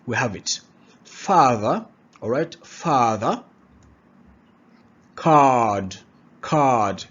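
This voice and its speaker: A man's voice: mid-range voice, lively intonation, very slow, a bit bright, highs cut off. A man who speaks English as a second language, teaching pronunciation and repeating each word several times with checks like "all right?". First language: not English. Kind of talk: pronunciation lesson, drilling words aloud.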